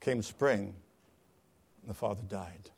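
A male pastor telling a story in a sermon, dramatic, swinging from hushed tones to loud cries. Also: fairly low pitch, slow pace, vocal fry, breathy edge.

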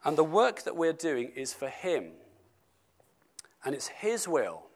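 A man preaching a sermon to his church, stressing key words and slowing down for scripture. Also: a little high, big pitch swings. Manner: emphatic, slows down for scripture, speeds up for asides.

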